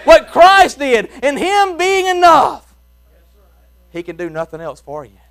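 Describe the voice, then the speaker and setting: High-voiced Southern preacher, big swings in volume. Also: male voice, huge pitch swings, measured pace. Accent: Southern US, Mississippi. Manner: swings from shouting to hushed, soft tones; folksy Southern grammar, chuckles while preaching. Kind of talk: revival sermon. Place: church.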